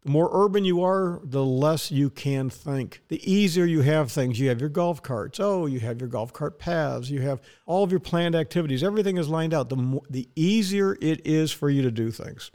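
A man's voice: a little high, animated, moderate pace, few pauses, darkish tone. A man hosting a podcast, giving blunt, sarcastic, folksy commentary on his own. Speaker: podcast host. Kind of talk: opinionated solo commentary.

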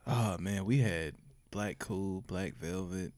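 Laid-back, profane podcast host. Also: male voice, deep voice, slow, a little mellow, no room sound, clean studio sound. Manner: loose, profane, joking, with frequent laughs. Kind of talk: casual podcast chat.

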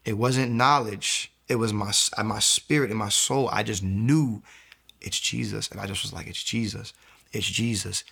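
A man's voice: on the low side, normal speed, creaky, bright, forceful tone, breathy edge. A man earnestly telling his conversion testimony in an interview, rambling and full of fillers.

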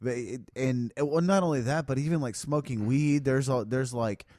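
A man's voice: mid-range voice, moderate pace, warm tone, no room sound, studio quality. A man co-hosting a podcast who rants in a profane, exasperated way during casual chat.

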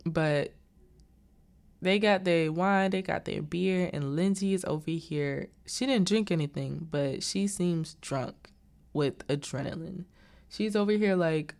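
A young woman with a slightly low voice, rambling through a film recap in a casual way. She fills her talk with 'like' and drops exasperated asides as she goes. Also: measured pace, a little mellow. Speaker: vlogger reviewing a film.

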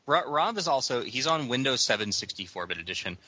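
A young man co-hosting a casual gaming podcast, arguing his points and quick to interrupt and correct. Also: mid-range voice, big pitch swings, sharp tone, breathy edge. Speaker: podcast co-host. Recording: dull lo-fi sound.

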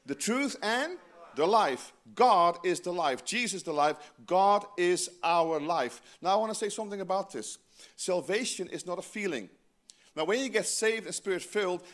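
A man preaching a sermon as pastor, lively and joking, with frequent asides to his congregation. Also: high voice.

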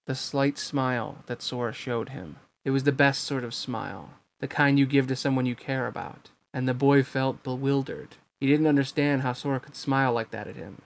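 A man reading a novel aloud at a fair clip, a plain, mid-pitched voice that moves steadily through the narration. He stumbles now and then but keeps going. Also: gravelly. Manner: quick, plain reading with occasional slips.

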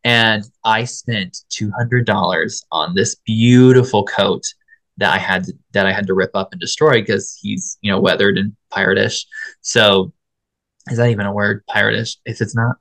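A woman's voice: very deep voice, a bit bright, dry recording, rough recording. A woman cosplayer as a podcast guest, telling stories politely, avoiding swearing and laughing often. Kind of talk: casual interview chat.

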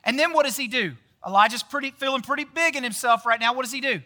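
A man's voice: very high voice, quick pace, bright, forceful tone. A man giving a casual sermon, chatty and often quizzing the audience with questions. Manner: chatty, often tags lines with "right?". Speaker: pastor.

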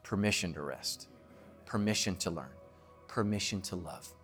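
A pastor delivers a sermon in a fairly low male voice, pressing his points with emphasis and then softening to a hush. Faint music runs underneath him. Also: normal speed. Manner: emphatic preaching, dropping to a hushed voice in prayer.

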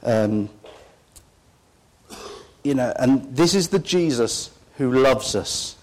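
A man's voice: mid-range voice, expressive, slow, a little mellow, rough recording. A man preaching a sermon in an earnest, heartfelt way.

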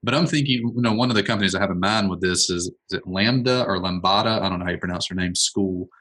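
A man leading a casual business brainstorm, thinking out loud in a rambling way. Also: low voice, quick pace, husky, poor audio. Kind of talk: casual meeting discussion.

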